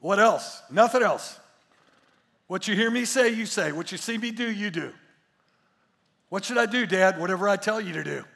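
A man preaching a sermon as pastor, emphatic and repetitive, swinging between hushed asides and loud declarations. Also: high voice, expressive, moderate pace, gravelly, pauses often, long reverb tail.

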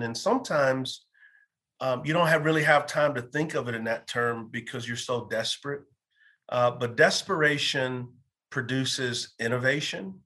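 Man, 50s, pastor, earnest testimony, quoted dialogue, bright forceful tone. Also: mid-range voice. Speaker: pastor and former pro football player. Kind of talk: personal faith testimony in an interview.

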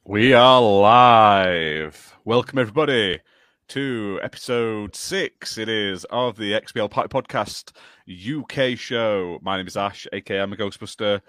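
Man, Yorkshire accent, low voice, podcast host, teasing, dry close sound. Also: a bit bright, dry recording. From Yorkshire, England. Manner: jokey, teasing, swears freely. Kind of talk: casual gaming podcast chat.

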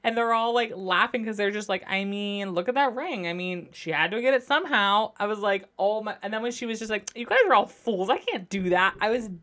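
A young woman hosting a casual solo podcast, recapping reality shows in a gushing, animated way and swearing freely. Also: medium pitch, a little fast, few pauses. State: going through postpartum depression. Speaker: podcast host.

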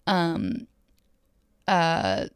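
A woman's voice: sits low, big pitch swings, extremely slow, smooth, no room sound, studio quality. A young woman rambling through a dating story to her followers, chatty and full of fillers, acting out each exchange. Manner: chatty and rambling, filler-heavy, acts out dialogue. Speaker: solo storyteller.

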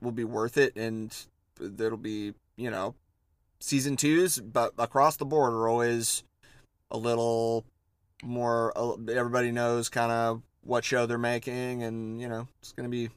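Deadpan man, dry close sound. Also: medium pitch, measured pace, smooth, no echo. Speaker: podcast co-host. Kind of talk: casual chat.

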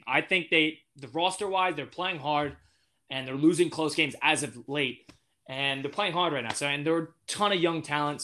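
An eighteen-year-old man talks loosely as a podcast guest, circling back with fillers and restarts. His voice sits a bit high and comes across bright and forceful. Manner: rambling, many fillers and restarts. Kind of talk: casual chat.

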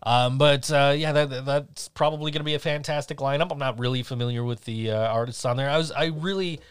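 A man's voice: mid-range voice, fast talker, clear, resonant tone. A man co-hosting a podcast in casual chat, rambling, swearing freely and laughing often. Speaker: podcast co-host.

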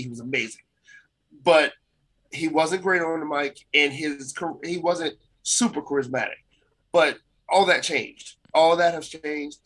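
A man's voice: a little high, a bit bright, breathy edge, poor audio. A man co-hosting a casual wrestling podcast, rambling and repeating himself as he gives his opinions. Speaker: podcast co-host.

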